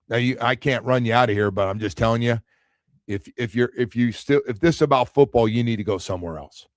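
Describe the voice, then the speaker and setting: A man's voice: medium pitch, quick pace, no echo, studio quality. A man hosting a sports radio show, talking casually and animatedly, acting out quotes as he tells stories. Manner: animated storytelling, acts out quotes.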